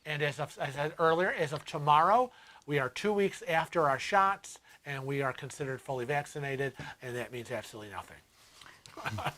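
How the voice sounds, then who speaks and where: An older man hosting a casual livestream chat, lively, laughing often and acting out the voices of people he quotes. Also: a little high, moderate pace. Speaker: host.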